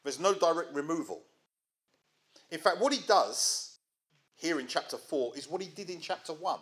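A man's voice: a little high, animated, moderate pace, a bit bright. A middle-aged man, preaching a sermon in a conversational way and asking his listeners questions. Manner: conversational, asks the audience rhetorical questions.

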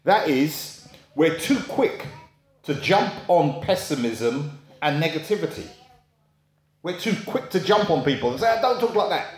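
A man's voice: animated, a little slow, roomy sound. A man preaching a sermon in a conversational storytelling way, asking rhetorical questions and acting out quoted voices. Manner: acts out quoted voices in a high pitch.

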